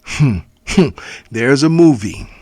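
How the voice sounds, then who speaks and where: A man's voice: mid-range voice, lively intonation, slow pace, warm tone, a little hiss or hum. Laid-back man spinning loose comedic stories. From Cleveland area, Ohio. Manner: loose storytelling, breaking into laughter and silly voices. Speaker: comedian and podcast co-host. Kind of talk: casual comedy podcast chat.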